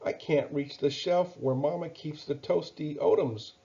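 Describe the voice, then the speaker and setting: A man's voice: a little high, a little slow, creaky, dark tone, highs cut off, pitched above the performer's own voice. A man voicing a shy, tearful little boy who sniffles in a small voice. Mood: sad.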